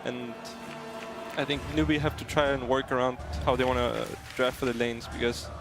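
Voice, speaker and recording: A man's voice: mid-range voice, fairly even intonation, moderate pace, music in the background. Hesitant, thoughtful esports pundit man. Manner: thoughtful, hesitant, many uh fillers. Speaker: panel analyst. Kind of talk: panel discussion.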